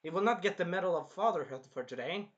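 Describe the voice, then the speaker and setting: A man giving a casual anime episode review, excitable, acting out scenes in bursts and swearing freely. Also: high voice, fast talker, muffled recording.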